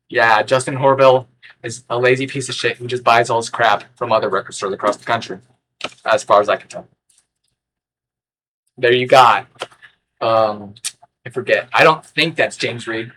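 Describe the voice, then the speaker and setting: A man rambling through an unscripted vlog in a sarcastic, erratic way, with sudden loud outbursts. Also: medium pitch. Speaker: record collector vlogger.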